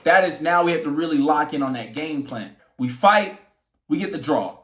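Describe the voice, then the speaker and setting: A young man, a boxer telling his story casually, animated and swearing as he acts out quotes. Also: fairly high pitch, normal speed. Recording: echoey room.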